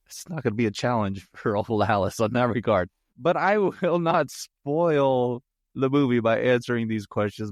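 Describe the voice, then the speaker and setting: A man's voice: mid-range voice, no room sound, studio quality. A man hosting a solo podcast, reviewing a movie in a jokey, rambling way with self-mocking asides.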